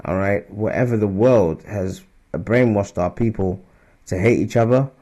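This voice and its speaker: A man's voice: lowish voice, measured pace, warm tone. A man giving informal scripture teaching. He talks loosely and conversationally, keeps checking in with "all right?" and "man", and raises his voice when he reads verses aloud. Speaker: religious teacher.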